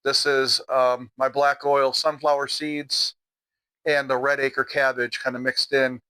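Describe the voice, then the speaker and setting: Bright-voiced chatty Midwestern man. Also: mid-range voice, measured pace, smooth, rough recording. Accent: Midwestern American. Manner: relaxed, chatty, talks with mouth full. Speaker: outdoor vlogger. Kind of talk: casual vlog narration while eating. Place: home, at dinner table.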